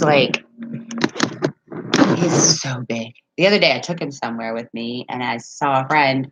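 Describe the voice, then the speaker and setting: A woman with a husky bass voice goes live from home, chatting casually, reading out viewer comments, and rambling through stories with frequent laughs. Her audio is poor.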